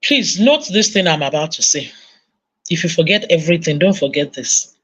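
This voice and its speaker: Nigerian woman preacher, lively storyteller, parenting sermon. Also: low voice, moderate pace, breathy edge. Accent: Nigerian English. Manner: animated storytelling, acting out voices. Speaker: conference speaker. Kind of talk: sermon-style parenting talk.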